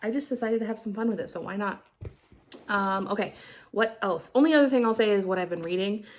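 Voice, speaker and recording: A woman's voice: medium pitch, fairly quick. A young woman chatting casually in her craft vlog, rambling with lots of fillers. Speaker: cross-stitch vlogger. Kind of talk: casual chat.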